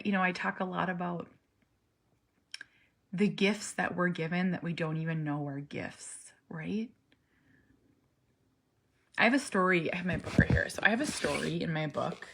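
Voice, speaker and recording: A woman in her forties, a parent talking casually to camera, earnest and animated, sometimes dropping to a soft near-whisper. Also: fairly low pitch, gravelly, husky. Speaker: parent vlogger. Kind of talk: casual personal vlog.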